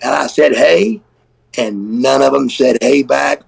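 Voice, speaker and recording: A middle-aged man, a former wrestler, telling an animated, profane story and acting out what people said. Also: mid-range voice, unhurried, low-quality recording. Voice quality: gravelly, husky. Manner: animated, profane storyteller who acts out quoted voices. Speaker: guest, former pro wrestler. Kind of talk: casual storytelling on a live stream.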